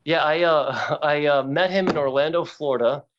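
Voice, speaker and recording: A man's voice: a little high, normal speed. Guy rambling thru a profane story, podcast guest, kinda muffled lo-fi audio. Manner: rambling, profane, animated anecdotes. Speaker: guest artist.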